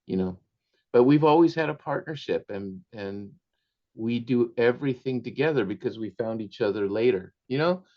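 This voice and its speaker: An older man who is an author tells family anecdotes in a storytelling interview, laughing often and switching into Spanish now and then. His medium-pitched voice has lively intonation and a moderate pace, with highs cut off.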